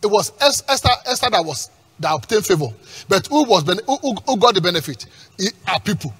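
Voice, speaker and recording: Male pastor, high husky voice, lively swooping delivery; emphatic sermon with call-and-response and shouts. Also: fairly quick. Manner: emphatic preaching with call-and-response questions and repeated words; breaks into shouts at peaks.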